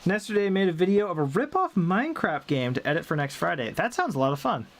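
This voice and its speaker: Chatty streamer man with a high voice. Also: sing-song, fast, slight background noise. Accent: light Southern drawl, mostly faded. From American South. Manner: playful, rambling, laughs often. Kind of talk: casual live-stream chat reading viewer comments.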